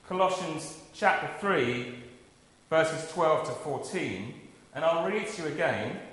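A man's voice: medium pitch, fairly bright tone. A man from South preaching a sermon, telling a personal story with self-deprecating humor. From South London, England. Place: church. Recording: echoey church with long reverb.

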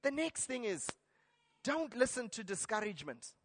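A man's voice: extremely high pitch, very animated, normal speed, a little hiss or hum. A man preaching a sermon, earnest and exhorting, now and then restarting a phrase. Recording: long hall reverb.

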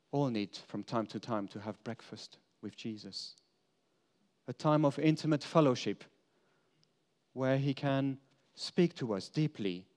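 A man giving a first-person dramatic monologue as an apostle. He tells the story earnestly, moving between emphatic lines and hushed confession. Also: mid-range voice.

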